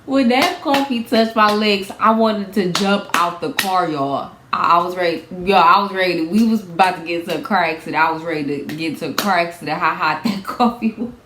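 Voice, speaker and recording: A young woman telling a storytime vlog in a casual, animated way, repeating herself, swearing and laughing as she goes. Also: on the low side, fairly quick, hardly any pauses, echoey room, a little hiss or hum. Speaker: vlogger.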